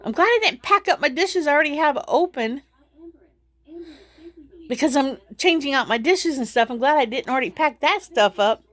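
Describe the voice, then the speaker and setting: A woman's voice: sits high, expressive, normal speed, a bit bright. Chatty middle-aged woman who laughs often. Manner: rambling, laughs through her frustration. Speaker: vlogger. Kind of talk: casual vlog chat.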